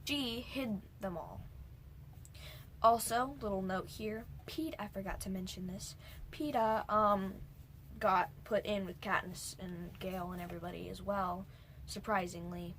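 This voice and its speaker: A woman's voice: mid-range voice, steady tone, measured pace, a bit bright. Brief: young woman, casual vlog movie recap, rambling asides, faint background noise. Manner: rambling, jumps between points, drops into whispered asides. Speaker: movie reviewer.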